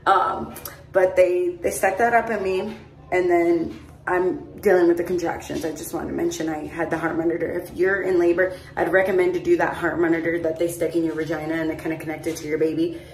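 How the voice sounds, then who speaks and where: This young woman, a vlogger, speaks briskly in a lowish voice with fairly even intonation. She rambles through a long personal story to her phone camera, leaning on "like" and "mind you," and the far-off phone adds a roomy echo.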